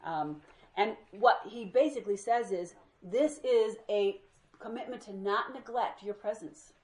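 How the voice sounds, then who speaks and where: A woman's voice: mid-range voice, unhurried, roomy sound. Woman teaching a Bible study. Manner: lively storyteller who acts out quoted speech.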